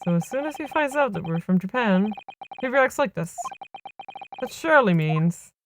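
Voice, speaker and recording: A woman streamer reacting excitedly and laughing easily while she plays through a story game on a live stream. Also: medium pitch, moderate pace, slight background noise.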